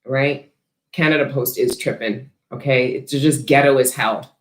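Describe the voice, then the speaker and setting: A woman's voice: rumbling low, steady tone, measured pace. Blunt, profane woman in a roomy space. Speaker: host selling frankincense to viewers. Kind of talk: casual livestream chat answering viewer questions.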